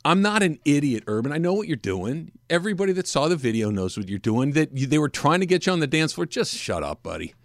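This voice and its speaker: Blunt sports radio host, dry studio sound. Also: male voice, a little high, sing-song, fast talker, hardly any pauses, no room sound. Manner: blunt, emphatic, opinionated. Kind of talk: casual sports talk.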